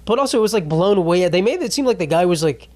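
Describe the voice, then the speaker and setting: A man's voice: high-pitched, animated, quick pace, a little mellow. A young man hosting a podcast, talking in a rambling, profane, bro-speak comedic monologue with a dry throat. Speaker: podcast host. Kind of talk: read sponsor ad.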